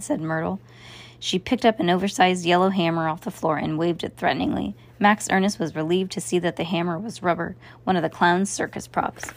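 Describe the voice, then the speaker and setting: A woman's voice: lowish voice, steady tone, normal speed. A woman narrating a storybook, often stumbling and restarting her phrases. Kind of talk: storybook reading.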